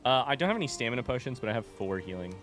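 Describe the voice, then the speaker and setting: A man streaming a video game, chatting casually with a rambling, relaxed manner full of fillers. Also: mid-range voice, very fast, faint music behind. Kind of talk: casual gameplay chat.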